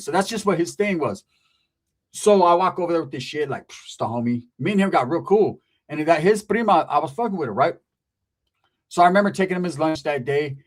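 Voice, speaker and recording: A man telling a casual story in slangy, profane speech, acting out the people he quotes. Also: fairly high pitch.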